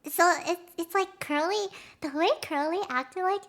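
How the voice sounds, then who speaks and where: A young woman streamer chatting with her viewers, rambling excitedly, acting out quotes and laughing often. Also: extremely high pitch, moderate pace, hardly any pauses. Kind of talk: casual chat with stream viewers.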